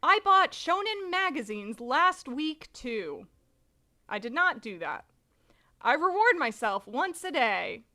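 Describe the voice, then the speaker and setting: A woman streamer reads a manga aloud with chatty, animated asides and casual swearing. Her voice sits high and moves a lot, and her pace is unhurried. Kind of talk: casual live-stream commentary.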